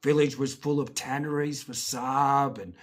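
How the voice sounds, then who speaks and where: Slow-talking Scottish storyteller man. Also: mid-range voice, fairly even intonation. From Scotland. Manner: rambling, swearing, chuckling. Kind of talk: casual personal storytelling.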